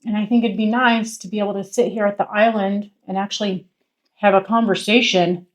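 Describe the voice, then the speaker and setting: A woman's voice: medium pitch, fairly even intonation, a little fast. A woman hosting a home cooking vlog, chatting playfully and laughing often in her kitchen. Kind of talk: casual chat.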